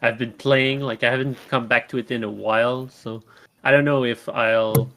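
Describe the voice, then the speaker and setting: Easygoing male podcast co-host, measured delivery, mid-range voice. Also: medium pitch, fairly even intonation, noisy background. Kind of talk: casual chat.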